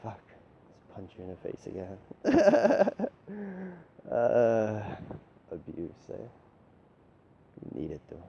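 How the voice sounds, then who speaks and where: A man's voice: deep voice, unhurried, gravelly, pauses often, warm tone, slight background noise. A man delivering a rambling, profane, lecturing monologue straight at the listener. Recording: dull lo-fi recording with faint ambience.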